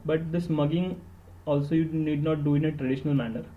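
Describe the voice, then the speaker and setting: A man's voice: a little high, fairly even intonation, a little fast, phone-quality sound. Earnest Indian man giving study tips. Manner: earnest and emphatic, repeats words for stress, switches into Hindi. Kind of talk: instructional podcast talk.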